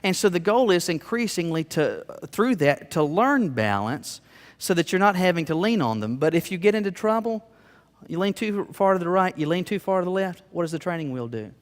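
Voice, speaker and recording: A man preaching a sermon with emphatic, building delivery, shifting into relaxed personal storytelling. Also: high voice, brisk, long reverb tail. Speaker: pastor.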